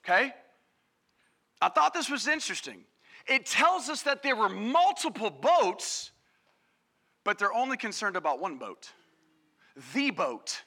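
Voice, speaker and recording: A man preaching a sermon to a congregation, energetic and calling on the crowd, acting out quoted voices. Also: high voice, a little slow, long pauses. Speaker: pastor. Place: church service.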